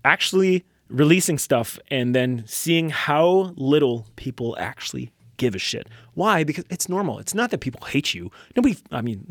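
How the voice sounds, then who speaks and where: A young man hosting a solo podcast, talking bluntly and profanely in a loose, animated rant. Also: mid-range voice, no echo, studio quality. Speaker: podcast host. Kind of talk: casual solo podcast monologue.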